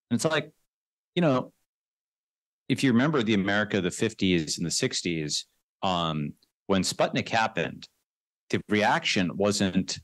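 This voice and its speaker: Here a guest investor in a chatty interview has a lowish, sing-song voice with a fairly bright tone and a dry recording. His delivery is quick and forceful, with remarks frequently capped by "right?" or "okay."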